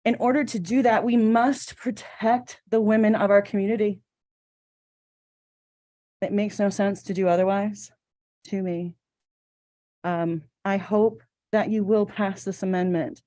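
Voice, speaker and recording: A woman's voice: medium pitch, steady tone, a little slow, pauses often, dark tone. A woman in her forties giving an earnest, emotional public comment at a city council meeting. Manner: earnest, emotional, a little choked up.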